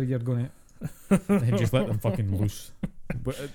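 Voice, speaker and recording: A Scottish man co-hosting a podcast, chatting casually and swearing freely with animated asides. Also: mid-range voice, normal speed. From Scotland. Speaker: podcast co-host. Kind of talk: casual chat.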